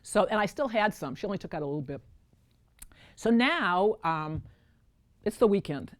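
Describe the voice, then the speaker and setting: Speaking at normal speed in a mid-range voice, a solo stage performer delivers her one-woman storytelling show. She's animated, addressing the audience head-on as folks.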